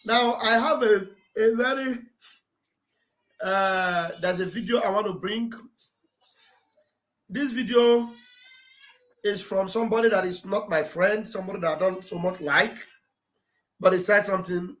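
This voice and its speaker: A man's voice: sits high, measured pace, pauses often, sharp tone, low-quality recording. Nigerian male host; casual, scornful chat. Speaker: livestream host.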